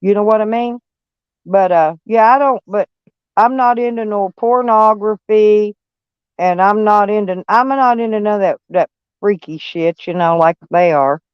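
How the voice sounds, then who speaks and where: Woman vlogger, blunt drawl, smooth voice, close dry lo-fi recording. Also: medium pitch, normal speed, dry recording. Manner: blunt, drawling, repeats herself. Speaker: van life vlogger. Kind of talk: casual live-stream chat. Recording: dull lo-fi sound.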